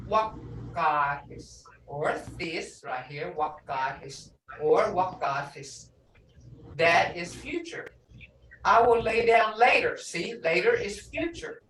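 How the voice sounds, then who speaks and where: An older woman teaching a language class, sounding out words slowly and syllable by syllable. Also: mid-range voice, expressive, fairly bright tone. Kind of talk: slow language lesson with repeated words. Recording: echoey room, a bit distant from the mic, faint background noise.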